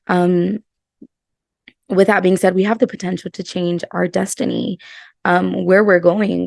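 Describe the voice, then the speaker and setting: A woman's voice: on the low side, vocal fry, no room sound, studio quality. A woman hosting a casual self-help podcast, earnest and emphatic, often repeating her words. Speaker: podcast host.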